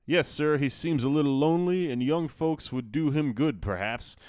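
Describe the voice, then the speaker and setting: A man's voice: fairly high pitch, normal speed, a little mellow, no room sound, studio quality, pitched above the performer's own voice, natural voice. A man reading the part of a spirited, outspoken teenage girl, lifting his voice for her eager, polite replies.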